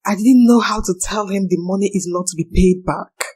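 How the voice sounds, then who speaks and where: A woman's voice: mid-range voice, normal speed, a little mellow, breathy edge. A young woman narrating a personal confession in an earnest, anxious manner.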